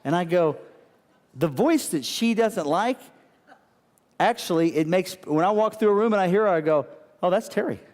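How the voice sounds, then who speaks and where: High-voiced animated preacher man. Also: normal speed, long pauses, in a large hall. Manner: animated, repetitive preaching with call-and-response. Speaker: pastor. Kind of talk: sermon.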